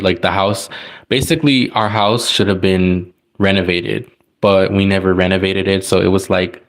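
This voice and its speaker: Deep-voiced man rambling casually. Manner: rambling, many likes and restarts. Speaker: tarot reader. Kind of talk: casual storytelling.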